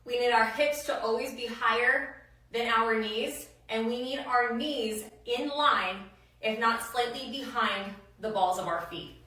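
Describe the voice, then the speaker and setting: Bright, upbeat woman coaching kettlebell lifts. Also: fairly high pitch, unhurried, roomy sound, low-quality recording. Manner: upbeat, casual cueing with slang and countdowns. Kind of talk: instructional workout coaching.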